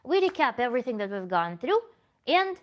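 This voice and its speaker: A woman's voice: fairly high pitch, big pitch swings, fairly quick, highs cut off. A woman tantra coach hosting a livestream Q&A, reading chat comments aloud in a thoughtful, self-correcting way with small laughs.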